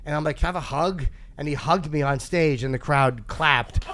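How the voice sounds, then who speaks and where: A man's voice: fairly high pitch, normal speed, a bit bright, slight background noise. A man hosting a podcast, telling rambling, self-deprecating stories in casual chat and laughing often. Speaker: podcast host.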